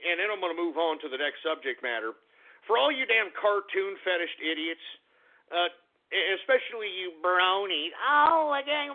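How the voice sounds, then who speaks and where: A man hosting a talk radio show, ranting in a profane, angry manner with shouted outbursts. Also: sits high. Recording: narrow phone-like lo-fi sound.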